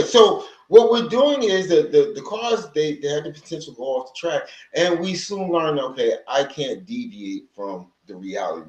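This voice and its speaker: A man's voice: fairly low pitch, roomy sound, low-quality recording. A man hosting a casual livestream about healing, talking in a rambling, conversational way with many restarts and stopping to greet viewers from the chat. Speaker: livestream host on healing from narcissistic abuse. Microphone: livestream microphone.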